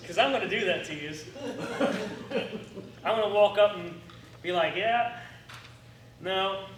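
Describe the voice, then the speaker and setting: A man teaching a firearms class in a lively coaching way, acting out his students' reactions. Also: sits high, normal speed. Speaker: firearms instructor. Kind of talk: classroom instruction. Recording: echoey room, distant mic, faint noise.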